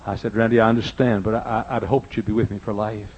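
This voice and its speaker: An older man preaching a sermon in church, telling personal stories and swinging between loud emphasis and hushed asides. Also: on the low side, flat delivery, quick pace, slightly rough, lo-fi sound. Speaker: pastor. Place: church sanctuary.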